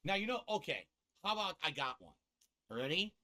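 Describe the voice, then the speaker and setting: A man's voice: a little high, big pitch swings, moderate pace, pushed and bright. A man from the US East Coast ranting and cursing on a casual live stream, laughing at himself as he goes.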